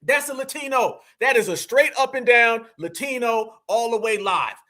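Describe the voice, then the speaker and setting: A man reacting to a clip on a live stream, talking to his viewers as family in animated, slangy, preachy commentary. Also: very high voice, moderate pace. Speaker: livestream commentator.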